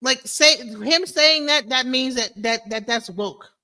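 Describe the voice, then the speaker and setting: A woman reacts to clips on her stream in loose, animated commentary. Her voice sits high and sounds bright and forceful, and her disbelief comes through as she talks straight to her viewers. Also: takes it slowly. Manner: animated, incredulous, talks to viewers as "bro" and "y'all". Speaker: stream host.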